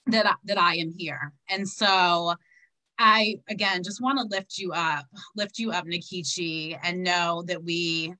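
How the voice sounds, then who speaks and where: A woman with a bright, forceful voice pitched a little low speaks over a video call. She delivers an earnest tribute, repeating the person's name as she drives each point home. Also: steady tone, a little slow, poor audio. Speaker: guest speaker. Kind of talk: heartfelt tribute speech.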